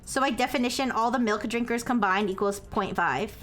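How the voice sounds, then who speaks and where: A woman's voice: brisk, fairly bright tone, faint music behind. A woman live-streaming, explaining a math problem step by step to her chat and checking in with "okay?" after each step, turning apologetic when corrected. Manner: self-described as highly caffeinated.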